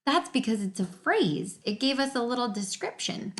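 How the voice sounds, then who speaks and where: Working from home on a laptop mic, a female teacher gives a remote reading lesson to young children. She enunciates every word slowly and clearly, sounding encouraging, and her voice sits on the high side and is very animated.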